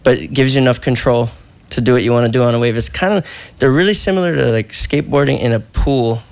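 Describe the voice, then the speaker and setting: A middle-aged man talks shop in an easygoing, casual way, chuckling often. His voice sits at an ordinary pitch, neither high nor low. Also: quick pace, gravelly, darkish tone. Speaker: guest surfboard shaper. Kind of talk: casual radio chat. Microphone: phone line.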